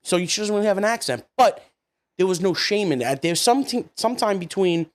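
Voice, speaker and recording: Lively high-voiced male podcast host. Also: a little fast. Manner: laughs often, jumps in with quips. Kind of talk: casual podcast chat.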